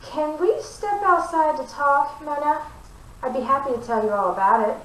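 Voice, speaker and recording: A woman's voice: mid-range voice, expressive, slow, reverberant, low-quality recording. A woman reading a storybook and voicing a kind, shy young baker who is polite and easily flustered.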